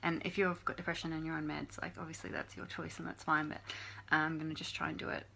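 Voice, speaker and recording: A young YouTuber facing the camera, husky and gravelly, with a low voice for a woman. She halts and restarts, fills gaps, and swears freely. Her tone is bright and edgy. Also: level tone, a little hiss or hum, full character voice. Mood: subdued. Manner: halting, many fillers, swears often. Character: young woman YouTuber, depressed, bullied by trolls. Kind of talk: confessional vlog monologue in a short film.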